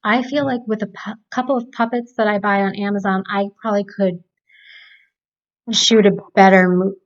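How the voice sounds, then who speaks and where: A woman's voice: mid-range voice, steady tone, normal speed. Chatty woman co-host with a mid-range voice, keeps the chat moving, muffled home mic. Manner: chatty, steers the conversation. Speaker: podcast co-host. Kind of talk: casual movie review chat.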